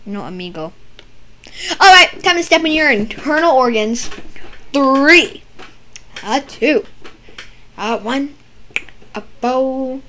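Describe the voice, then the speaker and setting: A woman's voice: sits high, expressive, slow, pauses often, slight background noise. Goofy young woman roleplaying a doctor. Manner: silly, goofy, teasing, with sudden loud outbursts. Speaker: roleplay gamer playing a doctor. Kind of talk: playful game roleplay banter.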